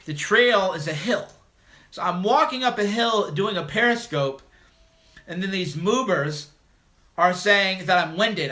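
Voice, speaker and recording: A man's voice: sits high, expressive, a little slow, sharp tone. A man hosting a call-in livestream, talking bluntly and mocking his critics in a combative monologue. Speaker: livestream host.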